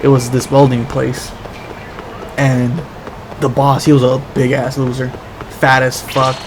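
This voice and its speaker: A man's voice: medium pitch, completely flat delivery, unhurried, noisy background. A man chatting casually over gameplay, telling a story in a rambling, profane way with lots of restarts. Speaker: gaming streamer. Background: game music.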